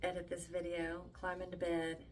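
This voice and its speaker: A woman's voice: lowish voice, completely flat delivery, moderate pace, background noise. An older woman chatting casually to her viewers while she cooks at home, tender and emotional. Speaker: vlogger. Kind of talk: casual vlog chat while cooking. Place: home kitchen.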